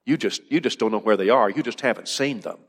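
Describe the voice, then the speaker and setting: A man's voice: lowish voice, fast talker. Earnest male preacher in a reverberant hall. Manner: earnest, rising to urgent questions then dropping soft and calm. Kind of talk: sermon.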